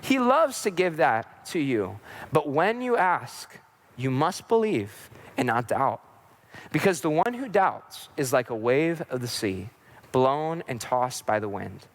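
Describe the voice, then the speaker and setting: A man's voice: medium pitch, very animated, slow pace. A young man on a faith podcast, giving a sermon-like teaching and telling a personal story, acting out the voices he quotes. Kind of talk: preaching-style faith talk with personal story.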